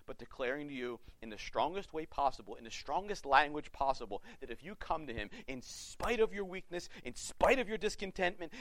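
A male pastor preaching a sermon with passion, swinging between loud urging and hushed pleading. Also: high-pitched, no room sound.

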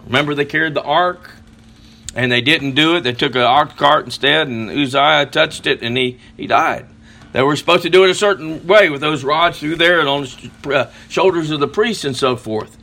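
A middle-aged man preaching a sermon, talking in a slow, halting way with many fillers and restarts, and reading scripture slowly with emphasis. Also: on the high side, pushed and bright.

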